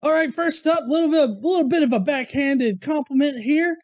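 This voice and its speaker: Host type: high-pitched, mellow-voiced man, casual and irreverent, profane, dry close sound. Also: normal speed, dry recording, faint music behind. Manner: irreverent, swears freely, laughs at points. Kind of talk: casual commentary on viewer comments.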